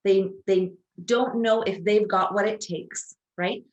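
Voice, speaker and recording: A woman's voice: medium pitch, fairly even intonation, takes it slowly, muffled recording. A woman co-hosting a casual chat, explaining a coaching program with persuasive enthusiasm. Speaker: co-host promoting a coaching program. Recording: echoey room.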